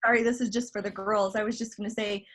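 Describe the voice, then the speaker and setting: A woman's voice: medium pitch, little pitch movement, fast talker. A woman hosting an online training call, talking in a chatty, conversational way. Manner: chatty, conversational, self-correcting. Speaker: host.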